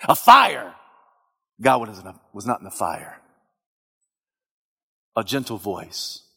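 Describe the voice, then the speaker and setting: A man preaching a sermon with dramatic swings from loud to hushed. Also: lowish voice, very animated, takes it slowly, creaky, breathy edge, in a large hall.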